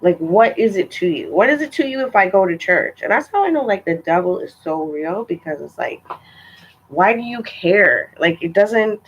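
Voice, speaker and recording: A woman's voice: mid-range voice, expressive, moderate pace, lo-fi sound, a little hiss or hum. A young woman telling a story in a casual vlog, chatty and exasperated, with lots of filler words. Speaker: vlogger.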